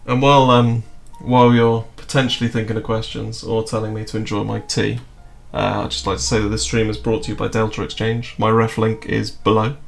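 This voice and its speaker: A man hosts a casual livestream, rambling and swearing freely. His voice has a gravelly edge, sits at a middling pitch, and carries a roomy echo with faint music underneath. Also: flat delivery, fairly quick, hardly any pauses. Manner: loose, rambling, swears and laughs often. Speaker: crypto trading streamer.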